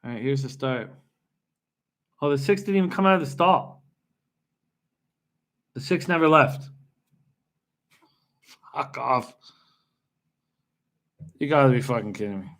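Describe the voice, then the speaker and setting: A man's voice: mid-range voice, expressive, normal speed, pauses often, a bit bright. A man streaming live horse race betting, talking to his chat and muttering curses when his horse fails. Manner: frustrated, swearing, muttering to himself.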